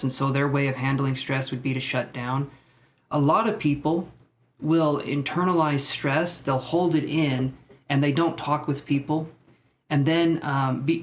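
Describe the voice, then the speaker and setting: A man's voice: mid-range voice, a little hiss or hum. A man giving tarot readings on a live stream, chatting loosely and joking with viewers between cards. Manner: loose and jokey, rambling asides to viewers. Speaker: tarot reader.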